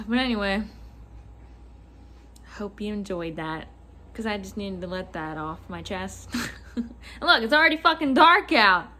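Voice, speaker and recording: A young woman vlogger telling a work story in a casual, animated rant, swearing and acting out what callers said. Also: mid-range voice, slow, pauses often.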